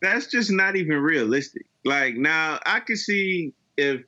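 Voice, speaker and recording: Man, podcast panelist, emphatic, reasoning, bright voice. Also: fairly high pitch, lively intonation, unhurried, highs cut off. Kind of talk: casual chat, giving opinions.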